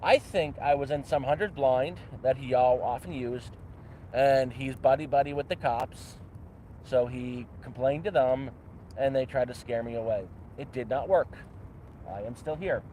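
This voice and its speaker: A man's voice: medium pitch, a little slow, warm tone, slight background noise. A Canadian man with a Canadian accent, casually chatting on an outdoor livestream at a campsite, rambling and self-mocking with a playful "eh" and "bud". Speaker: livestream host.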